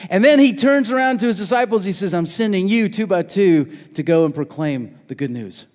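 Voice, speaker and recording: Casting: male pastor, high voice, emphatic preaching style, long church reverb. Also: lively intonation, fairly quick. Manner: preaching, rising to loud emphatic urgency. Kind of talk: sermon. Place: church sanctuary.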